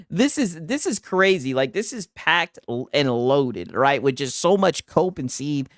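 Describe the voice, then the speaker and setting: A man streaming his reactions to clips, teasing and laughing through his asides. His voice sits a bit high and swings all over the place. It sounds dry and close, with no room around it. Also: sing-song, fairly bright tone, no room sound. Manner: mocking, laughing, drawn-out asides. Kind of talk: casual reaction commentary.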